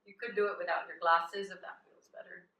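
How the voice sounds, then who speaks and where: A woman yoga teacher guiding a live chair yoga class with gentle, chatty instructions and easy laughs. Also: fairly low pitch, steady tone, fairly quick. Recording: echoey room, voice from a distance.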